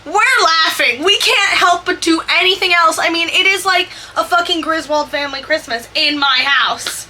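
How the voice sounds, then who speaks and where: A young woman with a very high, sharp voice tells a chatty, profane story while working on a video game build, with slight background noise behind her. She's a Sims builder and vlogger who fires off quick asides.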